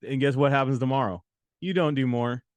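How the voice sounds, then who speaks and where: A man's voice: mid-range voice, a little fast, no echo. A middle-aged man hosting a study livestream, giving a preachy motivational talk that repeats points and drops joking asides. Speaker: exam prep coach and host.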